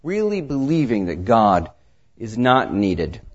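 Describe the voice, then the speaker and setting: A man preaching a sermon, reading scripture and telling stories, his delivery swinging between quiet asides and raised emphasis. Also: mid-range voice, very animated, slow pace. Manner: tells anecdotes with acted dialogue. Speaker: pastor. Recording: dull lo-fi sermon recording.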